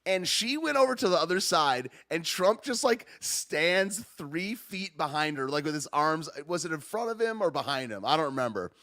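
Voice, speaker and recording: A man hosting a podcast, chatting in an excitable, rambling way, dropping 'dude' and 'man' and laughing often. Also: a little high, normal speed, few pauses. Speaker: podcast host. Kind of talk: casual live-stream commentary.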